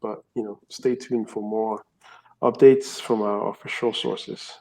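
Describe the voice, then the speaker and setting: A man on the team presenting updates on a casual community call, chatty and filling pauses with "you know" and "um". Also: on the low side, steady tone, a little mellow, low-quality recording.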